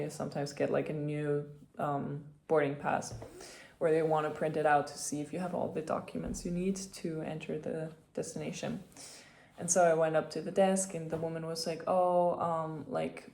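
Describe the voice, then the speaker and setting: A woman vlogging in a casual, chatty way, telling a story with lots of fillers and animated retellings of conversations. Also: sits low, normal speed, gravelly. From Austria.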